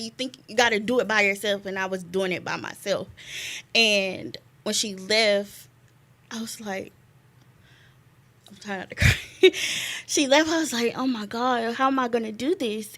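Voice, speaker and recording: A young woman, a guest telling a personal story in an animated way, laughing often and repeating words. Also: mid-range voice, measured pace. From North Carolina, US. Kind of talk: casual conversation, personal story.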